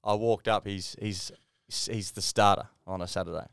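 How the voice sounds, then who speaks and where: Speaking at normal speed with fairly even intonation, this podcast co-host has a lowish, creaky, slightly bright and clean voice in a dry, studio-quality recording. He's a middle-aged Australian who laughs, swears and mimics the people in his casual stories.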